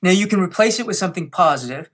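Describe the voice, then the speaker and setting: A man's voice: high-pitched, lively intonation, rapid-fire, a bit bright. A man speaking as a podcast guest, coaching listeners with energy and acting out quotes. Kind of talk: podcast interview.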